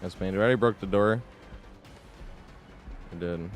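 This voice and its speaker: A man's voice: lowish voice, steady tone, takes it slowly, pauses often, faint music behind. A man streaming a game live, chatting casually with viewers, swearing freely and laughing often as he reacts to play.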